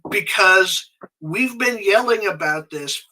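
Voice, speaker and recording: A man guesting on a podcast who tells a story in a conversational way, animated and often restarting his sentences. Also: high voice, takes it slowly, slight background noise, rough recording. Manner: animated, frequent restarts and self-corrections.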